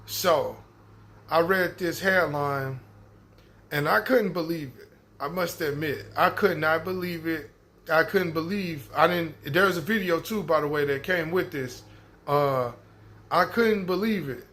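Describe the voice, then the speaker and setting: A man's voice: on the high side, measured pace, a bit bright. A man giving casual commentary on a news story, talking bluntly and repeating himself, often cussing in exasperation. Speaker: commentator, host of own channel.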